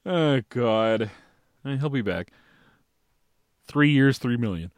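A man's voice: medium pitch, expressive, slow pace. A man co-hosting a podcast, griping about sports with profane, sardonic humor. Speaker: podcast co-host. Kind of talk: casual sports chat.

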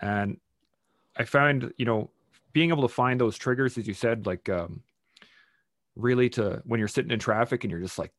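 Animated man telling anger stories. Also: mid-range voice, moderate pace, dry recording, clean studio sound. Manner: animated, acts out his own angry outbursts; swears casually. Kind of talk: casual conversation.

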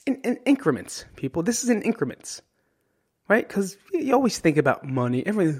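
A brisk, husky, high-pitched male voice swings widely in pitch. He's a New Jersey podcast host talking solo, candid and emotional, swearing freely and punctuating points with "right?"

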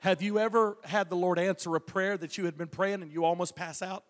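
A man's voice: sits high, steady tone, brisk. A male evangelist telling a testimony from the pulpit, folksy, with stammering restarts and chuckles. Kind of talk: preaching a testimony. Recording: long hall reverb.

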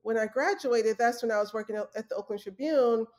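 A woman's voice: fairly high pitch, fairly quick, darkish tone. An earnest young adult woman telling her story in a casual interview, with fillers and restarts. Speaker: guest, former journalist.

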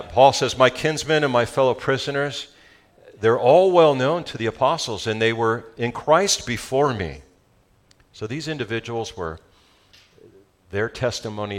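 A male pastor with a Southern California accent preaching a sermon, animated and joking with his congregation. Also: medium pitch, moderate pace.

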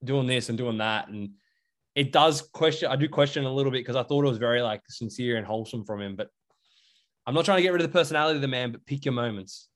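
Fast-talking Australian young man. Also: mid-range voice. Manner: rambling, lots of "like". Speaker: podcast co-host. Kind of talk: casual chat.

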